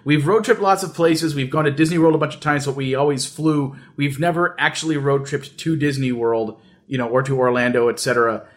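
A man's voice: mid-range voice, fairly even intonation, brisk. A man hosting a casual podcast, telling a story in a rambling, joking way with lots of fillers and restarts. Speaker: podcast host.

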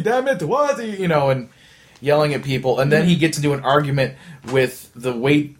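Man rambling through an animated anecdote. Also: medium pitch. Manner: rambling, animated storytelling with many restarts and quick impressions. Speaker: podcast host. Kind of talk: casual chat.

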